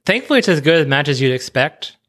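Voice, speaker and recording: A podcast co-host shares his opinions on a wrestling match in casual, chatty analysis that quickens in bursts. His voice is a little high, very animated, and fairly bright.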